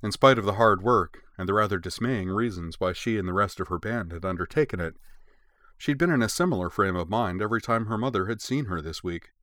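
A man reading a story aloud in an even, measured narration. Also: fairly low pitch, dry recording.

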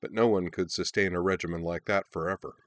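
A man reading a war story aloud in a measured, even narration. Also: sits low, no echo.

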